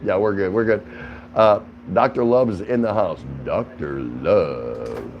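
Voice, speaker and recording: Chatty man with a lowish voice. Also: fairly even intonation, moderate pace, dull audio, a little hiss or hum. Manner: chatty, greets viewers by name, laughs often. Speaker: livestream host. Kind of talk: casual livestream chat with viewers. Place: his home in the Philippines.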